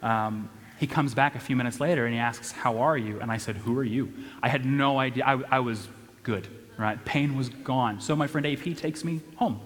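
A man's voice: mid-range voice, moderate pace, slight background noise. Young man telling a story in a hall. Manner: animated, self-deprecating, many restarts and "right?". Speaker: church speaker. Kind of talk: storytelling talk to an audience. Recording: long hall reverb.

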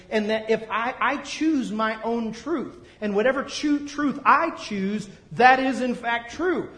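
A man with a high voice delivers a sermon, pressing his points hard and calling out to the people before him. His voice rings through a roomy, echoing church hall. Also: a bit bright. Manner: emphatic, calls out to the congregation. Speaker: pastor.

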